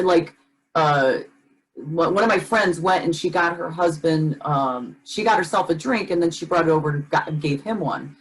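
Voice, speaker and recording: A woman with a fairly low voice co-hosts a relaxed podcast chat. She thinks aloud, circling back with fillers and restarts. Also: low-quality recording. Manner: rambling, many fillers and restarts, reflective. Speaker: podcast co-host. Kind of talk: casual chat.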